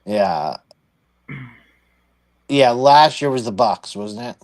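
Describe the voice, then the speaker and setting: A man chatting casually about sports as a show co-host. He rambles and restarts his sentences, working out his picks as he talks, at an ordinary pitch. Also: lively intonation, slow pace. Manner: rambling, thinks aloud with many restarts. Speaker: podcast co-host.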